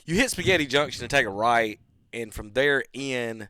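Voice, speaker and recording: A man hosting a sports radio talk show, with a bright, forceful voice that swings widely in pitch. He tells jokey stories in a casual, chatty way and laughs often. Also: expressive, moderate pace, clean tone, no room sound, studio quality.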